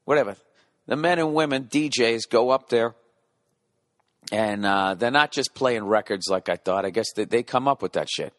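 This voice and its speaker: Forties comic host, mid-pitched, swearing rant with mouth-made beats and self-heckling asides, dry booth sound. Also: male voice, normal speed, fairly bright tone, no echo. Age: 40s. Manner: profane ranting, mimics beats with his mouth. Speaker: podcast host. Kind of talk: rambling comedic monologue.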